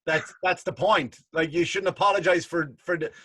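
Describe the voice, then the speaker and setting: Bright-voiced profane comedian ranting. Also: male voice, a little high, moderate pace, slightly rough. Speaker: comedian and podcast co-host. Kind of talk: casual podcast chat. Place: basement home studio.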